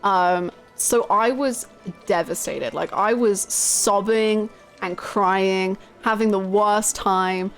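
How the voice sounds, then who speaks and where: A young British woman streaming a game and chatting with viewers, telling stories in an animated, laughing way. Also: mid-range voice, slow, faint music behind. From United Kingdom. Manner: animated, laughing storytelling, reading chat aloud. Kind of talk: casual live-stream chat with viewers.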